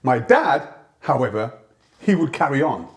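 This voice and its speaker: A man's voice: mid-range voice, sing-song, unhurried. A man, a gospel comedy performer, reminiscing in an interview, reflective and given to restarting phrases.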